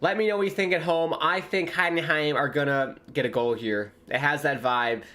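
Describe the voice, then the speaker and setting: Excitable young American male streamer, slightly high voice, live match watchalong commentary. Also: normal speed. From United States. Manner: excitable, exclaims loudly at big moments.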